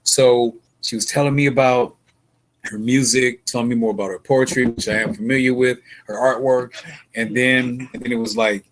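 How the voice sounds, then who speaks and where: A man's voice: mid-range voice, fairly even intonation, normal speed. A man hosting a casual livestream interview, folksy and full of sayings, often repeating his words as he talks. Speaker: livestream host.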